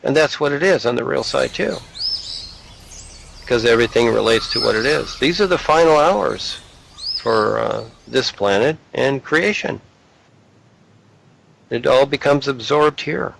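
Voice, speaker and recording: Blunt gravelly man lecturing. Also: medium pitch, animated, measured pace, pauses often, fairly bright tone, slight background noise, poor audio. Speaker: spiritual speaker. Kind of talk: casual spiritual talk.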